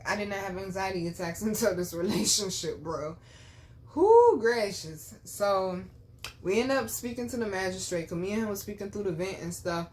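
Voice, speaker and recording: A woman vlogger telling her own story to viewers, blunt and full of swearing, dropping to low murmurs and then bursting out loud. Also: a little fast. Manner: blunt, profane, animated storytelling. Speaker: spiritual reader and vlogger. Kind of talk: candid storytime chat to viewers.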